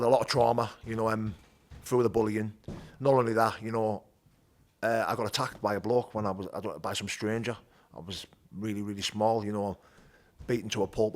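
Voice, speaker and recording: A man with a Teesside accent telling his rough childhood story as an interview guest, blunt and animated, swearing freely. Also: on the low side. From North East England. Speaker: guest, bare knuckle fighter. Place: gym.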